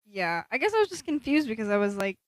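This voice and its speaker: A woman's voice: a little high, very animated, fast talker, no echo. A woman co-hosting a casual podcast, making wry remarks and laughing through them. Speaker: podcast co-host. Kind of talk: casual chat on a livestreamed podcast.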